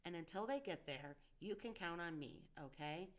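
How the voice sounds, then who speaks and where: A woman's voice: on the low side, expressive, moderate pace. Woman voicing an earnest young male tutor. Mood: coaxing. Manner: coaxing, urgent, reassuring. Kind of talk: audiobook dialogue reading.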